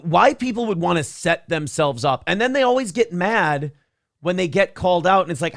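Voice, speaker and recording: A man's voice: high voice, expressive, normal speed, vocal fry, a bit bright, no room sound, clean studio sound. A man co-hosting a casual morning podcast chat, swearing freely and acting out quotes in raised voices. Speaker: morning show host.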